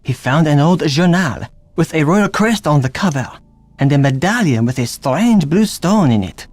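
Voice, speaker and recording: An actor playing an earnest young man in a video game, speaking with a French accent in measured storytelling. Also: fairly high pitch, expressive, no echo, soft background music. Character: earnest young man seeking a lost treasure. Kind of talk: video game character dialogue.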